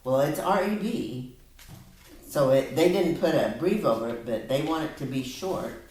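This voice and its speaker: Very low-voiced woman tutoring a child. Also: animated, darkish tone. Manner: patient, coaxing, slows down to model words. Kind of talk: one-on-one reading lesson. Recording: echoey room, mic at a distance.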